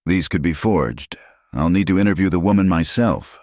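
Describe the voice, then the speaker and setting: A man's voice: low voice, animated, moderate pace, darkish tone, no echo, studio quality. A man voicing a dutiful young army captain who speaks formally in a storybook tale. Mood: official.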